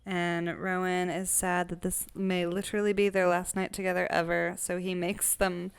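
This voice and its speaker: A woman's voice: lowish voice, level tone, moderate pace, gravelly, smooth. A woman co-hosting a casual book club podcast, chatty and recapping chapters, acting out characters' lines along the way. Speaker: podcast co-host.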